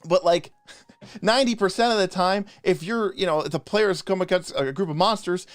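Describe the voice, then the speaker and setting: A man co-hosting a live stream, ranting passionately in a casual, animated way with frequent restarts. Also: sits high, moderate pace, dry recording, clean studio sound, soft background music. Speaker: podcast co-host reviewing game spells.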